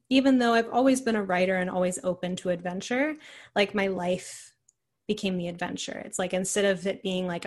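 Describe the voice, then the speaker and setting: A young woman, a podcast guest, telling a personal story in a rambling way full of "like" and "you know". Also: medium pitch. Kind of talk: casual conversational storytelling.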